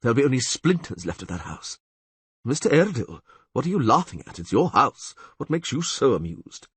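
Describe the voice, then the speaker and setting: A grave, knowing priest, voiced by a man, speaks in a gloomy, measured way. The voice is husky and close to the narrator's own. The audiobook recording is dry. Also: medium pitch, sing-song, a bit bright, no echo, pitched above the performer's own voice, full character voice. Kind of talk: audiobook character voice.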